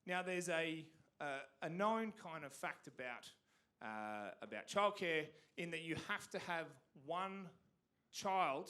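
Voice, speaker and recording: Lively Australian man doing stand-up. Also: fairly high pitch. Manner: animated, rambling, profane. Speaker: stand-up comedian. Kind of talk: stand-up comedy storytelling. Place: community theatre stage.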